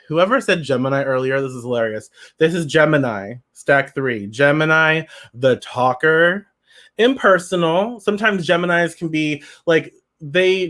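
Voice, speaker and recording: A man's voice: fairly high pitch, fairly bright tone. A man giving a pick-a-card tarot reading, talking to viewers in a chatty, playful way.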